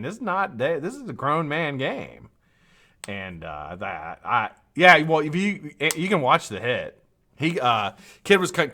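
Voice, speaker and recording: A man's voice: medium pitch, pushed and bright. A tired, yawning man hosting a live stream, rambling casually with frequent swearing and laughter.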